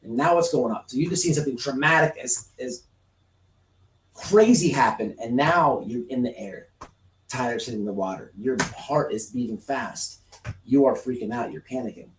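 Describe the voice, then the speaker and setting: A man hosting a casual live stream, talking in an animated, repetitive way and acting out scenes as he speaks. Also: mid-range voice, normal speed, far from the mic, slight background noise. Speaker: livestream host. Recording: roomy, off-mic sound.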